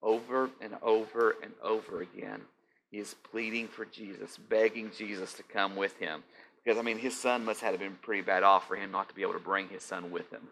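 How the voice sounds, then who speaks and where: A man's voice: fairly low pitch, level tone, fairly quick, creaky, a bit bright, slight background noise. A man preaching a conversational sermon, speaking animatedly and often checking in with his listeners.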